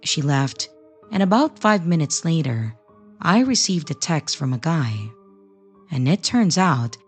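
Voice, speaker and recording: A woman with a notably low voice reads true creepy stories in steady, measured narration. Her pitch rises and falls expressively from line to line, and soft music plays faintly underneath. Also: husky. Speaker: storytelling channel narrator.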